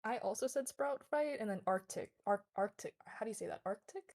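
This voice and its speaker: A woman's voice: a little high, a little fast, darkish tone. A woman playing as a contestant in a stream trivia game, chatty and playful. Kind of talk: casual chat during a stream game.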